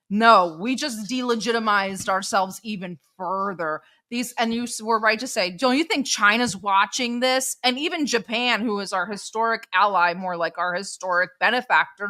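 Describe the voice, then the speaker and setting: A woman's voice: fairly high pitch, pushed and bright. A woman co-hosting a political commentary stream, talking emphatically and with exasperation. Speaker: co-host.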